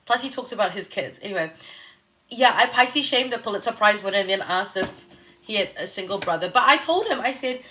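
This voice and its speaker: A woman's voice: mid-range voice, expressive, a little fast, sharp tone. Young Kiwi-woman, astrology streamer; loose, giggly, sweary, answers chat as she goes. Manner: chatty, giggly, swears, reacts to viewer comments. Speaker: astrologer hosting a live reading. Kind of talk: casual livestream chat.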